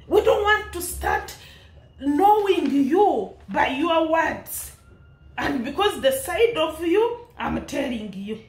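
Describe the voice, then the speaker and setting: A woman's voice: high voice, reverberant. A young woman with an East African accent, laughing often as she delivers an impassioned, preachy commentary. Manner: scolding, preachy, laughs often between lines. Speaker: vlogger commenting on a public dispute.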